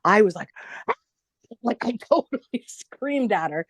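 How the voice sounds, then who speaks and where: A woman's voice: fairly high pitch, expressive, measured pace, no echo. A woman co-hosting a podcast who tells a story casually and with animation, swearing freely, laughing, and stumbling over her words. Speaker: podcast co-host.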